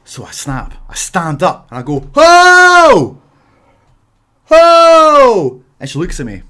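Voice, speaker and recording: A man with a Scottish accent telling exaggerated comic rants to camera, animated and emphatic, sometimes bursting into shouts. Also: mid-range voice, fairly quick, slightly rough. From Scotland. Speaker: vlogger.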